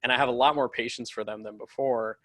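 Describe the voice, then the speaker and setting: A man's voice: mid-range voice, steady tone, fast, a bit bright, no room sound. A man hosting an interview, asking long, rambling questions full of fillers. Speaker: podcast host. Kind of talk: casual interview chat.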